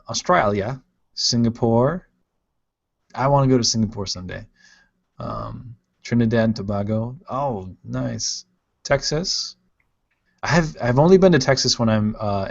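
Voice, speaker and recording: A casual male podcast host from Ohio, rambling and playful as he reads out live chat comments. His voice sits at an ordinary pitch, and the stream audio is dull and lo-fi. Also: creaky.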